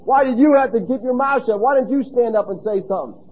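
A man's voice: very high voice, fast talker, a little mellow, breathy edge, muffled recording, pitched above the performer's own voice. A male preacher voicing a beaten, complaining prisoner who bitterly snaps at his cellmate. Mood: exasperated. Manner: bitter, exasperated, griping.

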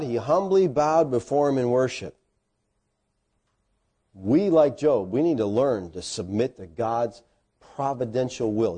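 A middle-aged man preaching a sermon, telling stories with folksy asides and self-deprecating humor. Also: slightly rough. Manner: animated storytelling with sudden loud, high bursts.

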